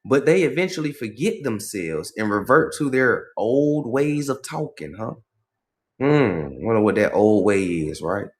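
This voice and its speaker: A man hosting a livestream in casual commentary, talking in an animated, profane way and asking "right?" again and again. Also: lowish voice, a little slow. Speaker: livestream host.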